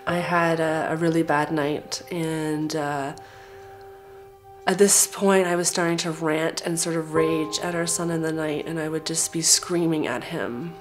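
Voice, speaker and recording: A woman's voice: low voice, steady tone, a little slow, faint music behind. A woman telling her story as a mother in a documentary, raw and emotional. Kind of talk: documentary testimony.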